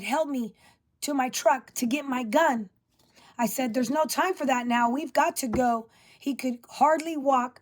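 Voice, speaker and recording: A woman reads a first-person story aloud, her voice sitting a little higher than most. She carries the spoken lines with quiet emotion and hardly changes her voice between the characters. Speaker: reader of her father's story.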